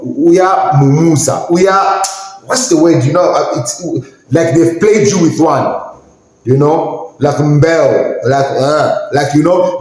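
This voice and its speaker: Recorded in a very echoey room, a man hosting a podcast rants with indignant emphasis and now and then hunts for the right word. His voice sits fairly high and is a little mellow.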